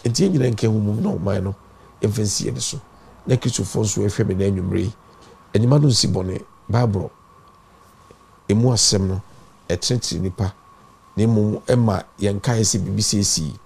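A Ghanaian man with a dark, mellow, slightly raspy voice speaks in a TV interview. He talks like a preacher, pressing his points with sudden emphatic bursts. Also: lowish voice, normal speed, pauses often. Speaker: pastor and party founder. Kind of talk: impassioned talk-show interview.

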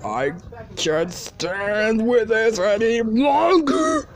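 A performer voicing a hot-tempered cartoonish gamer who keeps rising from forced calm into shrieking fits of rage at a hard game. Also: mid-range voice, drawn-out words. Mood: frustrated. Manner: swings between forced calm and shrieking outbursts.

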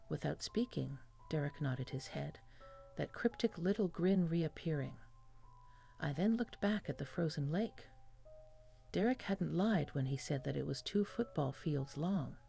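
Low gravelly woman narrating a creepy story. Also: animated, a little slow, warm tone, soft background music. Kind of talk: scripted horror story narration.

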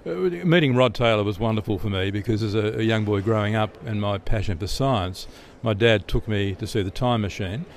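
Middle-aged man, Australian accent, fairly low voice, chatty interview guest, frequent restarts. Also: normal speed, few pauses, a little hiss or hum. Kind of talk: relaxed storytelling answers.

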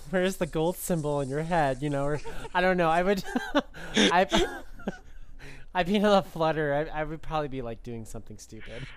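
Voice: medium pitch, moderate pace. A podcast host asking questions in casual chat, giggling between words.

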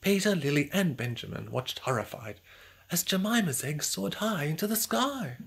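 A storybook reader narrating a children's story aloud in an expressive, sometimes whispery way. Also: medium pitch, normal speed, gravelly, husky.

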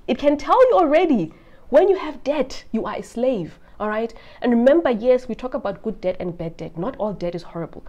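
A woman with a fairly high voice talks through a Bible passage in a casual, teacherly way. She reads verses aloud, then turns to the viewer with expressive asides and a frequent "right?". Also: highs cut off. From South Africa. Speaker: Christian money vlogger.

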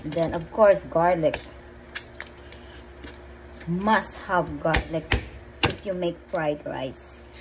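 A middle-aged woman talks through making dinner in her home kitchen, slow and easygoing, wandering off and repeating herself. Chopping and clatter come through clearly behind her voice. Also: low-pitched, background noise. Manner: chatty, meandering, repeats herself. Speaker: cooking vlogger. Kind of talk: casual cooking vlog. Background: chopping and pan sounds.

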